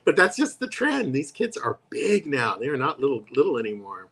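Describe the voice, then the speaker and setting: A man's voice: mid-range voice, huge pitch swings, brisk, a bit bright, slightly rough. Co-host, male, conversational storyteller who jumps into voiced quotes. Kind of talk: casual chat. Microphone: live stream.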